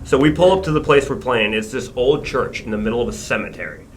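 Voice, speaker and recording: A man in a band telling a story on a casual podcast, animated and swearing freely, laughing as he goes. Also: medium pitch, fast talker, slight background noise. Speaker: band member guest.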